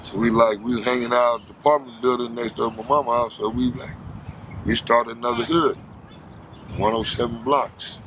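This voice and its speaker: A man's voice: mid-range voice, flat delivery, moderate pace, noisy background. A man from Los Angeles telling stories in an interview, heavy with street slang. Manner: street slang, acts out quoted voices. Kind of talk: storytelling interview.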